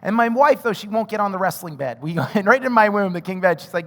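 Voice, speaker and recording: A male pastor from North Carolina in his thirties, preaching a sermon through an animated personal story with frequent asides to the congregation. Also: sits high, quick pace, few pauses. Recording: reverberant hall.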